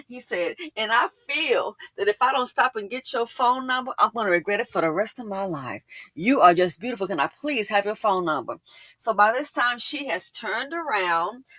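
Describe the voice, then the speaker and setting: A woman's voice: mid-range voice, sharp tone, no room sound. Chatty woman telling a storytime, dry sound. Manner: chatty, emphatic, repeats lines for effect. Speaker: commentary channel host. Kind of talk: casual storytime commentary.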